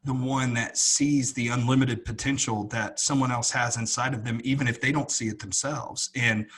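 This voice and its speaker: Husky-voiced man in earnest podcast chat. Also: mid-range voice, fairly even intonation, moderate pace, a bit bright. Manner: earnest, rambling with many restarts. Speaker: podcast co-host. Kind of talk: casual chat.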